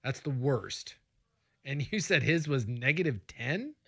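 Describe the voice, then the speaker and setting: A man's voice: mid-range voice, animated, measured pace, creaky, a bit bright, breathy edge. A man co-hosting a casual sports chat, tossing out playful, jokey hot takes. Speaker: podcast co-host.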